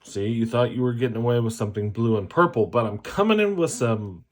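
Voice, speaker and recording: A man's voice: medium pitch, lively intonation, a little fast, a little mellow. A man chatting casually to viewers as he swatches fountain pen inks, cracking jokes and poking fun at himself. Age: adult, a parent. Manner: jokey, self-mocking, chatty asides. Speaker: fountain pen ink reviewer.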